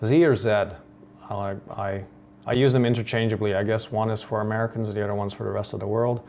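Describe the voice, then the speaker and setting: Gravelly Dutch-born man explaining code. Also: fairly low pitch, little pitch movement, fairly quick, darkish tone, slight background noise. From Netherlands. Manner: thinks aloud, many ums and restarts. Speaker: coding tutorial host. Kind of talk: screen-recorded coding tutorial.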